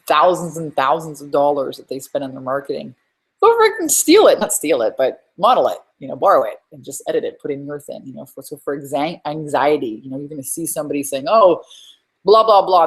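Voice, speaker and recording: A woman hosting a live webinar from home as a business coach, talking in an energetic, rambling, emphatic way. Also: low-pitched, husky.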